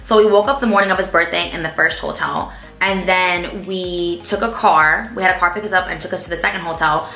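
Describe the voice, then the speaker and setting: Fast, bright-voiced chatty young woman. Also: fairly low pitch, fairly even intonation. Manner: chatty, fills speech with "like" and "um". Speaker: beauty vlogger answering viewer questions. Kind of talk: casual chat. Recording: echoey room with faint music.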